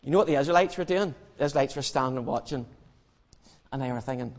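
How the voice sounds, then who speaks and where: A man telling a Bible story in an animated, humorous sermon, acting out the scenes. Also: medium pitch, fast talker, big-room sound. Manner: lively, acts out the story, humorous. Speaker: preacher.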